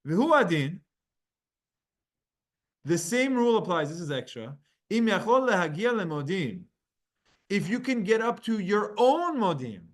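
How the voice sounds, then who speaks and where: A man with a fairly high voice teaches a religious text class. He reads passages aloud in Hebrew and Aramaic and then explains them in plain, casual English. He often turns to speak straight to his students. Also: fairly bright tone. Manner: explains texts, reading Hebrew and Aramaic aloud and translating with quick asides; speaks directly to students by name. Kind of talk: Talmud class lesson.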